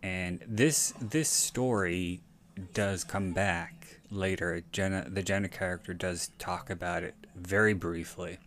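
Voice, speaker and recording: A man's voice: low-pitched, steady tone, slow, a bit bright. A man hosting a podcast, giving casual movie commentary in a rambling way, often correcting himself and swearing. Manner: rambling, frequent self-corrections and profanity. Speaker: podcast host.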